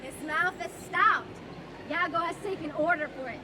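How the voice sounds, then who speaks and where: A woman's voice: very high voice, normal speed. A teenage girl playing Othello, a jealous, vengeful male general, declaiming Shakespeare verse outdoors. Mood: grim. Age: teens. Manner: declaiming verse, building to rage. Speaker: student actor. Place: outdoor park stage. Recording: noisy outdoor park performance with crowd.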